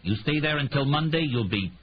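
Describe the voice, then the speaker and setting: A man voicing a gruff, stern male police lieutenant, on a slightly muffled recording with faint hiss. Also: fairly high pitch, animated, brisk, voice pushed up, close to an everyday voice. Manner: grumbling, stern.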